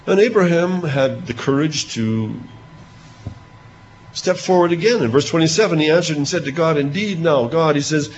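A man preaching a sermon, retelling scripture with animated emphasis on quoted speech. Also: on the high side, fairly quick, a little hiss or hum. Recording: dull lo-fi recording with faint ambience.

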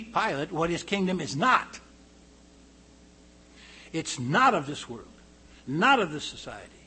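A man preaching a verse-by-verse Bible study, reading quotes aloud louder and higher, then dropping low to comment, often clearing his throat. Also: a little hiss or hum, low-quality recording.

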